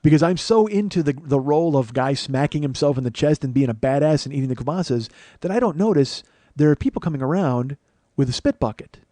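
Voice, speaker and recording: A man's voice: a little high, lively intonation, fast talker, dark tone, no room sound. A man hosting his own podcast, telling a long comic story in a rambling, profane, self-mocking way. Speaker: comedian podcast host. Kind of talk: solo storytelling monologue.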